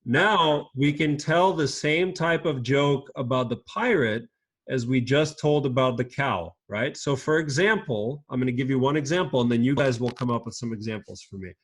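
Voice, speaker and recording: Male teacher on a video call, patient and encouraging with kids, mid-pitched. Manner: patient, encouraging, speaks slowly and clearly to kids. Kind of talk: teaching a children's class online.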